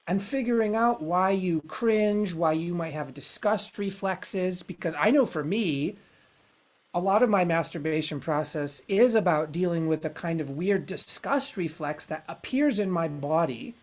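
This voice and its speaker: A man hosting a podcast, talking through his ideas in a frank, rambling, searching way. He swears casually and circles back on his thoughts, keeping it relaxed and conversational. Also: high-pitched, unhurried. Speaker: podcast host.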